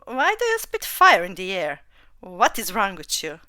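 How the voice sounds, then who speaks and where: A woman's voice: mid-range voice, wildly swooping pitch, a little slow, bright, forceful tone, no echo, pitched below the performer's own voice, exaggerated voice. A woman voicing a large male titan robot who mocks in a taunting manner in a read-aloud story.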